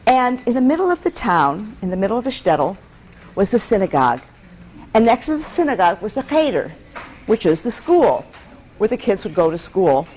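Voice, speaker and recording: A woman's voice: medium pitch, sing-song, moderate pace, a little mellow, a little hiss or hum. A woman storyteller from Michigan tells a folktale to a live audience and coaxes the listeners to repeat words after her. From Michigan, USA.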